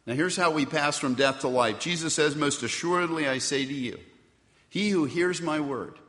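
A man's voice: on the high side, fairly bright tone. A man preaching a sermon as pastor, reading scripture and asking the congregation rhetorical questions in a conversational way. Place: church sanctuary. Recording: long hall reverb.

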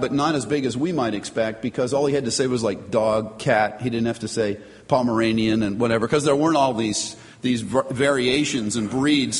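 A man preaching a sermon, earnest and emphatic, reading scripture aloud and driving points home with measured pauses. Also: medium pitch, in a large hall. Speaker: pastor.

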